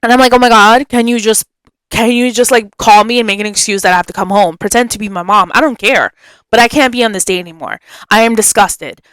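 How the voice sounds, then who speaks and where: A young woman hosting a podcast, telling a story in a chatty, animated way and acting out what people said. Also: fairly high pitch, fast talker, smooth, no room sound. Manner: animated, chatty, acts out quotes. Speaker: podcast host. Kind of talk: casual storytelling.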